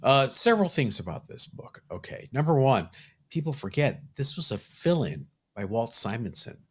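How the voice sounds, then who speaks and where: A man's voice: medium pitch, very animated, normal speed, breathy edge. Wry male comic podcast host. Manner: wry, joking. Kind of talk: casual chat.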